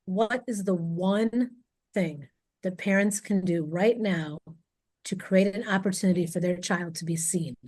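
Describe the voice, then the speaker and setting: A woman's voice: fairly low pitch, unhurried, a little mellow, dry recording. Enthusiastic woman host, dry sound. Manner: enthusiastic, appreciative. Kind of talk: moderating a webinar.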